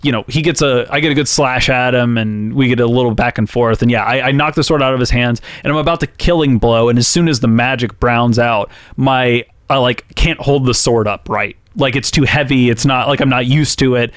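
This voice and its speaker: A man's voice: mid-range voice, fairly quick, hardly any pauses, no room sound. Man telling a story loosely, dry sound. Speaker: podcast co-host. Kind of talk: casual recap chat.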